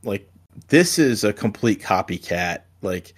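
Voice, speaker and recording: A man hosting a casual movie chat, halting and repeating words as he starts sentences. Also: lowish voice, animated, breathy edge.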